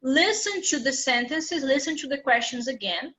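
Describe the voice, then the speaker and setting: Bright high-voiced woman teaching slowly. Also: animated, low-quality recording. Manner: patient, explains step by step. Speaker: English teacher. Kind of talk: live online class instruction.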